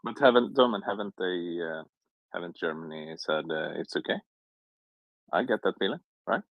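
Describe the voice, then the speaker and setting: Deep gravelly man asking halting questions. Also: lively intonation, dry recording, lo-fi sound. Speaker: audience member asking questions. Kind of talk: casual panel discussion.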